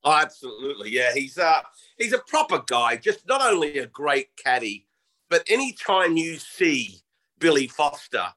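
A man's voice: fairly high pitch, sing-song, normal speed, pushed and bright. A man co-hosting a golf podcast, praising a caddie with dry, wry humour. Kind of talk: casual chat.

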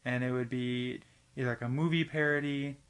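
A man's voice: mid-range voice, steady tone, fairly bright tone, clear, resonant tone. Rambling man hosting a casual podcast. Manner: rambling, halting, many fillers and restarts. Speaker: podcast host. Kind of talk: casual solo podcast monologue. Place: home studio with his cat.

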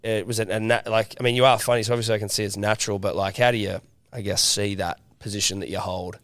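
A man co-hosting a laid-back podcast, asking loose, wandering questions and laughing easily. His voice is low and smooth, recorded dry and close. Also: quick pace, dry recording. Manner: relaxed, laughs often, rambling questions. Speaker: podcast co-host. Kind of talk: casual podcast interview.

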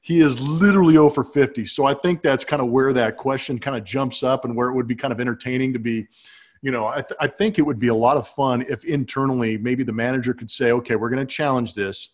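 A man in the middle of his register tells a baseball-style anecdote with lively energy. He laughs often and jumps into the voices of the people he quotes. It sounds like a relaxed, conversational podcast. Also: medium pitch, quick pace. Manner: animated, laughing, acts out quotes. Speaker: podcast co-host, former ballplayer. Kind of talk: casual storytelling chat. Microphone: webcam.

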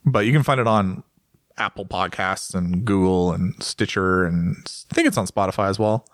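A man's voice: deep voice, moderate pace, no echo, studio quality. An American man co-hosting a podcast in a casual chat, rambling and joking as he tells stories. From United States. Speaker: podcast co-host.

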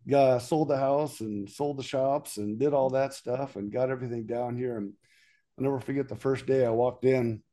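A man's voice: mid-range voice, steady tone, moderate pace, warm tone. A middle-aged man from California, a guest in a casual interview, telling long rambling stories full of fillers and "he goes, I says.". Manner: rambling, folksy anecdotes, lots of fillers, quotes others with "I says" and "he goes". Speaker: guest, automotive executive.

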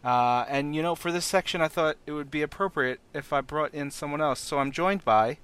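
A man hosting a podcast segment, upbeat and energetic as he introduces a guest. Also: on the high side, a little fast, smooth. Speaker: podcast host. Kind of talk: casual chat.

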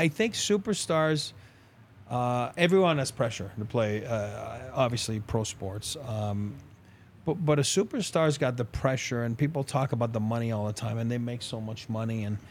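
A man's voice: mid-range voice, a little hiss or hum. A middle-aged man, a former pro hockey player, telling long rambling anecdotes in a casual podcast interview, acting out the dialogue. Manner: rambling, animated anecdotes with quoted dialogue and laughs.

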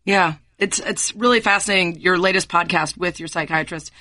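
A woman hosting a podcast, chatting with a guest and then delivering an animated, sarcastic rant. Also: fairly low pitch, moderate pace, no room sound. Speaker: podcast host. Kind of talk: casual interview, then a scripted rant.

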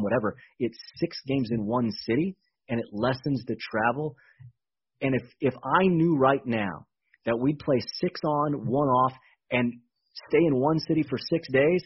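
A man explains things in an animated, casual way and often repeats himself. His voice is husky and slightly rough. The sound is dull and muffled, like a radio broadcast. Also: medium pitch. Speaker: baseball team executive guest.

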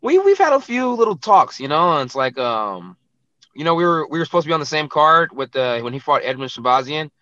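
A man's voice: a little high, big pitch swings, fairly quick, sharp tone, dry recording, muffled recording. A man who is a professional fighter, talking bluntly and brashly in a casual interview, filling his speech with "you know, it's like".

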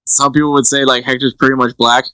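A man's voice: mid-range voice, level tone, quick pace, pushed and bright, smooth, no echo, rough recording. A man co-hosting a podcast in casual chat, laughing often and rambling through restarts. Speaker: podcast co-host.

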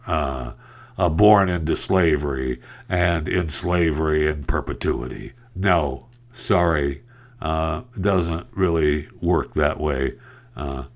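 A sarcastic man hosts a solo news podcast, talking in a very low, deep voice. He rambles from story to story and trips over words as he goes. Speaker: podcast host. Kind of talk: casual solo podcast commentary.

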